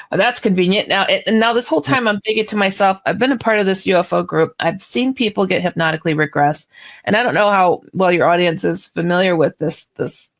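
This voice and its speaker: Woman guest author, lower pitch, animated chatty storyteller, radio interview. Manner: animated, chatty, laughs while telling.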